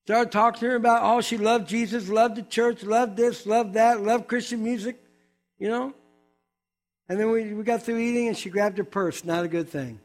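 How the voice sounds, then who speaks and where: High-voiced older man preaching with humor. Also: faint music behind. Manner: animated storytelling with quick asides. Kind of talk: humorous testimony sermon.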